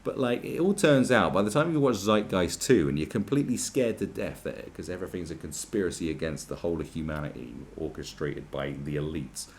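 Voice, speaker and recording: A man hosting a ranting, sarcastic commentary video, swearing often and swinging between loud outbursts and low muttering. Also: brisk, few pauses, a little hiss or hum. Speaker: commentary channel host.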